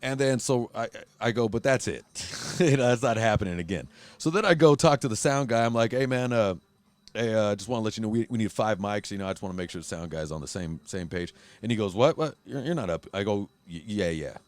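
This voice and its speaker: A man's voice: on the low side, fairly quick. A man hosting a casual podcast, telling a rowdy story with lots of swearing and acted-out quotes. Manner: profane, animated storyteller acting out quotes. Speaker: podcast host.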